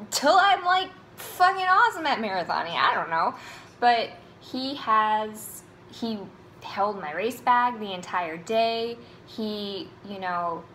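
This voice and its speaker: A young woman recapping her race in a casual vlog, chatty and animated, swearing and laughing freely. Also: medium pitch, a little hiss or hum, poor audio. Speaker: running vlogger.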